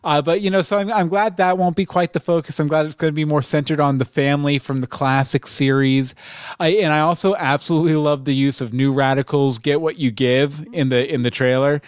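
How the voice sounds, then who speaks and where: A chatty man co-hosting an entertainment news show, his voice sitting a little high and sounding smooth and resonant. He often stumbles and restarts his sentences. The recording is dry and close. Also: steady tone, fairly quick, no echo. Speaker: podcast co-host. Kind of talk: casual pop culture chat.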